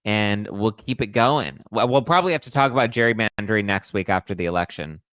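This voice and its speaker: A man's voice: fairly low pitch, a little fast, a bit bright, no room sound, studio quality. A man hosting a podcast, chatting casually and sarcastically about politics. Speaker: podcast host.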